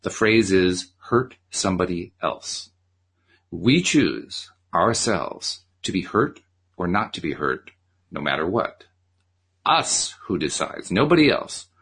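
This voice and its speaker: A man reading aloud, voicing a calm, patient male spiritual teacher who explains things steadily. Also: deep voice, slow pace, slightly rough, exaggerated voice.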